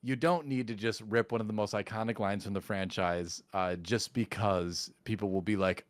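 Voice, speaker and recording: Sarcastic, animated man reviewing a movie. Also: on the low side, normal speed, hardly any pauses, no echo, studio quality. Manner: animated, sarcastic, acts out quotes in mocking voices. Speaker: podcast co-host. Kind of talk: casual movie review chat.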